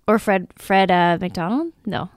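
A woman co-hosting a comedy podcast, giggling and tossing in quick quips. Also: medium pitch. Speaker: podcast co-host. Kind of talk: casual podcast banter.

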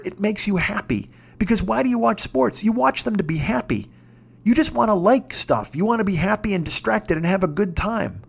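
A man in his fifties telling a story in a casual podcast monologue, swearing freely and shouting when he gets worked up. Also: high voice, gravelly, slightly rough. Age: 50s. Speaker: podcast host.

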